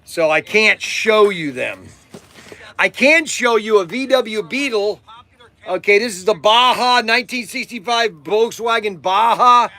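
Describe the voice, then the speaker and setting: Excitable high-voiced toy salesman. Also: measured pace. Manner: excitable salesman, hollering and laughing. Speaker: toy shop host. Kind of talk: live-stream product pitch.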